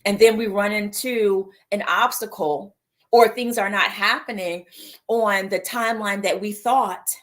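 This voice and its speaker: A woman's voice: medium pitch, unhurried. Playful woman hosting a live mindfulness chat. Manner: playful and animated, reads viewer comments aloud, frequent "right?" and "y'all"; laughs easily and slips into exaggerated voices for asides. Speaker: host of a live mindfulness show. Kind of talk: casual live-stream talk about setting an intention.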